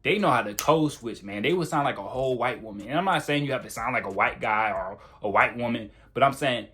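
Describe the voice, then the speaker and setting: A man's voice: mid-range voice, expressive, brisk, bright, forceful tone. A man giving casual, blunt self-improvement advice straight to the camera, in a slangy, conversational way. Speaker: self-improvement video creator.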